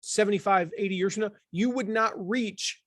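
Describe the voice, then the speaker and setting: A man in his forties from the Southern United States, talking as an author in an interview, animated and full of restarts. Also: high-pitched, moderate pace, no echo, studio quality. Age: 40s. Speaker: author and guest. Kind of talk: conversational interview.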